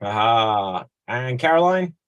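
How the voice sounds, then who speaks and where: A man hosting an online improv game over a video call, brisk, playful and teasing. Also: medium pitch, animated, fairly bright tone, lo-fi sound. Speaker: host.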